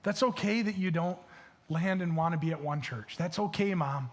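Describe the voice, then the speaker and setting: A man with a noticeably high voice preaches from a church stage in a loose, conversational style. His Michigan accent colors a talk packed with fillers and restarted phrases. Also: normal speed. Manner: casual, filler-heavy with many restarts. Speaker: pastor. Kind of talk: sermon.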